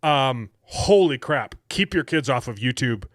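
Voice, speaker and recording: A man's voice: mid-range voice, animated, a little slow, no room sound, clean studio sound. A man hosting a podcast in casual chat, rambling with frequent restarts and laughter. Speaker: podcast host.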